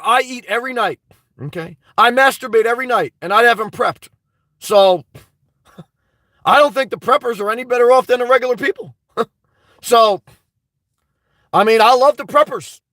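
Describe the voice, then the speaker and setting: A man with a high-pitched voice runs a casual livestream, reading out his viewers' comments one by one. He answers them in a rambling, blunt and crude way. His voice sits close and dry on the mic, with no room sound. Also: pushed and bright, no room sound. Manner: rambling, blunt and crude, reads chat messages aloud. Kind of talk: unscripted livestream chat.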